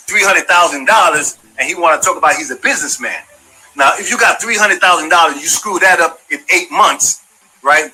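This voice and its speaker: A former community member gives his side in a heated, profane monologue, confronting the person he's calling out directly. His voice is fairly high, pushed and bright, and the rough recording carries slight background noise.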